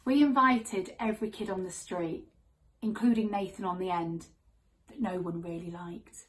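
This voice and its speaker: A woman telling a comic true story on stage in a wry, deadpan manner. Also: fairly low pitch, moderate pace, low-quality recording.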